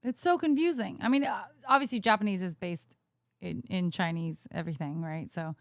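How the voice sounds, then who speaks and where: A woman's voice: lowish voice, dry recording. Chatty woman livestreamer, dry sound. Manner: chatty, reads chat aloud, quick asides. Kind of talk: casual chat on a live stream.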